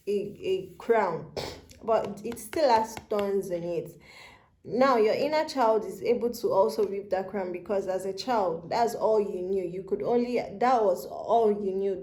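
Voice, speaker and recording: A woman's voice: mid-range voice, warm tone, roomy sound. A woman giving a channeled tarot reading, speaking tenderly to the listener and near tears as she talks. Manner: tender, emotional, addresses listener as baby and love. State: tearful, near crying. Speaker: tarot reader. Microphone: handheld phone camera.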